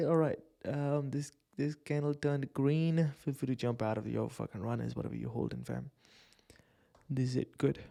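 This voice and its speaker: A man's voice: mid-range voice, unhurried, vocal fry, mellow. A man giving casual live commentary on a day-trading stream, swearing, using slang and laughing often as he talks through charts.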